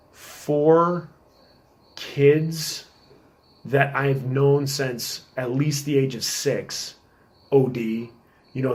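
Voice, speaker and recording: A middle-aged man telling stories in a casual podcast chat, working as a police officer, animated and acting out quotes. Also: mid-range voice. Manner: animated storyteller, acts out quotes in a raised voice.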